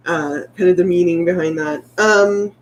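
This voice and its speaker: A woman's voice: lowish voice, normal speed, slight background noise. A woman, chatting candidly with viewers and reading their comments, rambling and heartfelt. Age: late 30s. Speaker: vlogger. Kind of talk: casual livestream chat reading viewer comments.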